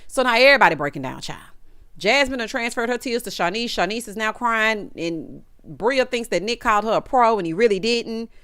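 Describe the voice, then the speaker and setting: A woman's voice: on the high side, brisk, smooth, no room sound, clean studio sound. Sassy woman recapping reality TV. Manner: sassy, animated, mimics cast members in changing voices. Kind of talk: casual commentary recap.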